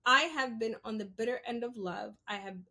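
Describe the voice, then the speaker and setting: This podcast host's fairly high voice is creaky yet pushed and bright, moving at a moderate pace through unscripted solo commentary. She talks bluntly and profanely right at her listeners, emphasizing her points and regularly asking "You understand?"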